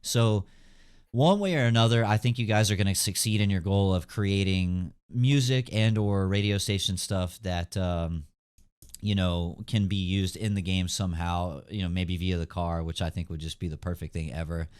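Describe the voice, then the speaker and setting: Young male podcast host; low, smooth voice, loose rambling delivery full of fillers. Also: moderate pace, darkish tone. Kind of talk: casual chat.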